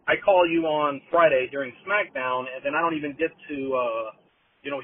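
A man's voice: mid-range voice, slightly rough. Man ranting over a tinny phone line. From Texas. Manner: rambling, hesitant, with many fillers. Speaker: caller leaving a voicemail. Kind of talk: casual voicemail rant.

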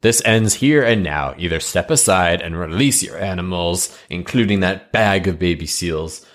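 A man's voice: sits low, moderate pace, lightly acted. A man voicing an earnest male hero who talks to animals, declaiming solemnly. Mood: defiant.

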